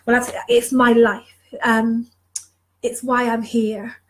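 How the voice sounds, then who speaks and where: Passionate woman mentor, higher voice. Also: level tone, slow pace, poor audio. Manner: passionate, repeats phrases for emphasis. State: emotional, moved. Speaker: leadership mentor. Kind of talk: motivational live talk to viewers.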